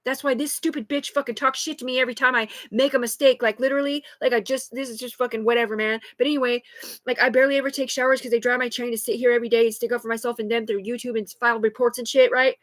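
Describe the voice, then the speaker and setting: A woman's voice: a little high, fairly even intonation, rapid-fire, dry recording. A woman, likely in her thirties, talking agitatedly and rambling with heavy swearing in an unscripted live stream on a phone. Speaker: livestreamer.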